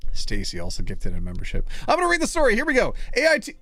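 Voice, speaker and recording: Bubbly, lively Canadian man streaming. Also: extremely high pitch. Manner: bubbly and playful, laughs often. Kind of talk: casual live-stream chat.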